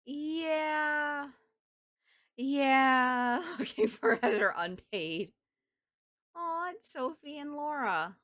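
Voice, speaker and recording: A woman's voice: sits high, sing-song, measured pace, fairly bright tone, dry recording, studio quality. A woman with a Southern US accent streaming a game, chatting casually with her viewers and thinking aloud as she plays. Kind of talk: casual gameplay chat with viewers.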